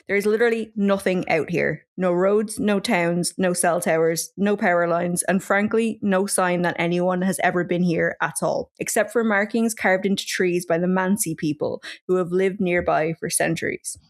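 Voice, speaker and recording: A woman's voice: on the low side, steady tone, normal speed, few pauses. A woman co-host telling a true mystery on a casual podcast, half-scripted, with chatty asides.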